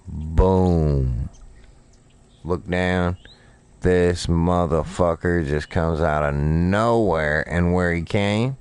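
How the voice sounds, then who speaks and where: A man with a very low, smooth voice rambles through a long, profane story at an unhurried pace. He speaks casually while he plays a fishing game on stream. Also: a little mellow.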